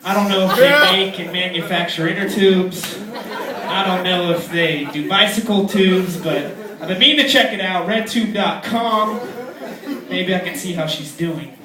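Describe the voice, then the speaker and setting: A young man in his twenties doing a crude, rambling stand-up routine in a comedy club, often slipping into squeaky put-on voices. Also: a little slow. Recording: echoey club with loud crowd, distant mic.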